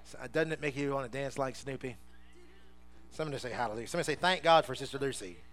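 Over soft background music, a pastor works the congregation through call-and-response, calling "somebody say" again and again. His tone is playful and full of quick laughter, ranging from shouts down to low, intense passages.

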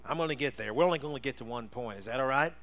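A man preaching a sermon, leading the congregation in call-and-response with constant "somebody say" prompts, playful and quick to laugh, moving between shouting and low, intense passages. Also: soft background music. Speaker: pastor.

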